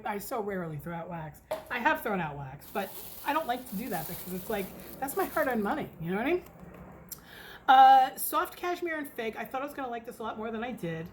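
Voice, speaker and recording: A middle-aged American woman gives a casual home review of wax melts. Her voice sits a little high, and she talks in an excitable, rambling way, dropping curses as she goes. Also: slight background noise. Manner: chatty, excitable, swears casually. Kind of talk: casual chat. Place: home near an airport.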